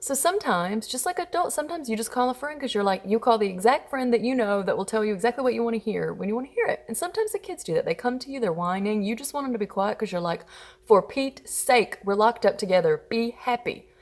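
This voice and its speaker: A woman in her thirties, a mother talking casually about parenting and telling expressive stories about her kids. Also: on the high side, fast talker, hardly any pauses. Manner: chatty and expressive, acting out her children's whiny voices. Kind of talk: casual storytelling advice.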